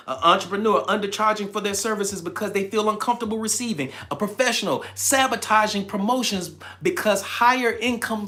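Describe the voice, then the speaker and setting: High-pitched, emphatic man on a livestream. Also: bright, forceful tone. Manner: preachy, emphatic, reads chat comments aloud, laughs often. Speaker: livestream host. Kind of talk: motivational live-stream talk.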